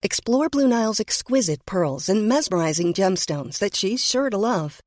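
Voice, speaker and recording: A woman reading a scripted ad in a smooth, upbeat sales voice. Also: mid-range voice, expressive, normal speed, a little mellow, no room sound, clean studio sound. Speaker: ad announcer. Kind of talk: scripted ad read.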